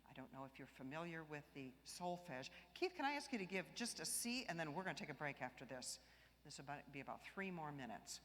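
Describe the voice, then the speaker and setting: In a large church whose long reverb fills the recording, a lowish-voiced woman guides a choir through vocal warm-ups. She models each exercise in song and keeps spirits up with light jokes.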